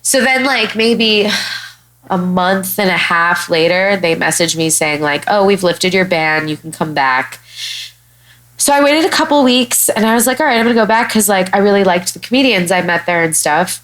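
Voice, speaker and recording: A young Chicago woman with a voice on the low side, speaking at a moderate pace, hosts a podcast as a stand-up comic. In poor-quality audio, she tells a story bluntly and animatedly, cursing a lot in casual storytelling chat.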